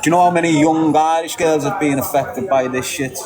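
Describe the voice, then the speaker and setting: A man's voice: fairly high pitch, steady tone, a little fast, loud music behind the voice, low-quality recording. A middle-aged man from England with a Liverpool accent, ranting emphatically as a podcast guest, repeating himself and laughing briefly. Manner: emphatic and repetitive, with short laughs. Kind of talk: ranting monologue.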